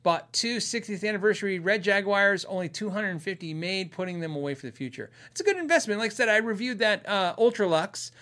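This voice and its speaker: A middle-aged man from Arizona with a fairly high voice hosts a guitar show in a loose, rambling chat. He chuckles often and trips over his own sentences, circling back to his points. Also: fairly quick, hardly any pauses, sharp tone. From Arizona, USA. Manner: rambling, chatty, laughs often, restarts sentences. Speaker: host of a guitar channel and podcast. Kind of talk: casual chat answering viewers.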